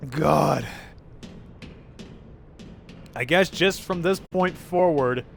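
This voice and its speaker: A man streaming a video game live, talking to his chat in an excitable way and swearing often. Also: on the high side, slow pace, gravelly, slight background noise. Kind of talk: live-streamed gameplay commentary.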